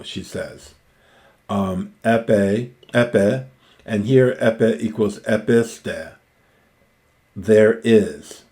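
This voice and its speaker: A man teaching ancient Greek, reading Homer slowly and stopping to explain each word. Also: on the low side, gravelly, dark tone. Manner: slow, deliberate, repeats and parses each word.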